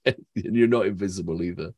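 A man's voice: low voice, a little fast, mellow, slightly rough, dry recording. A man co-hosting a music reaction video, chatting casually, laughing easily and giving short agreeing replies. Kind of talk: casual chat.

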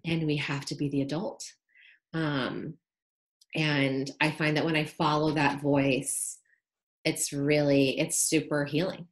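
A woman's voice: low-pitched, little pitch movement, slow pace. A woman, a podcast guest talking earnestly and reflectively in a casual interview. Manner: earnest, reflective, uses like and you know.

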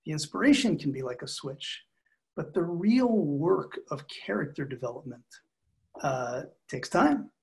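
Appearing as a marriage expert on a podcast, a middle-aged man answers questions evenly and thoughtfully. His voice is somewhat high for a man, carries some vocal fry, and stays calm throughout.

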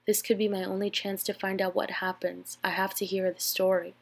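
A woman's voice: mid-range voice, level tone, fairly quick, gravelly. A woman with a nasal, stuffed-up voice from a cold, reading a scary story aloud.

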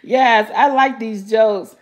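A woman chats casually on a live stream, reading her viewers' riddles aloud. Her voice sits high, and she talks slowly, repeating each question and breaking into laughter often.

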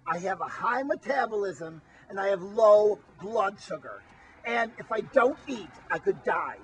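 A man playing a squeaky whiny camper. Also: lively intonation, measured pace, rough recording. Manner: whining, complaining, often shouting. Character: whiny, food-obsessed grown man camper. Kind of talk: amateur comedy spoof acting.

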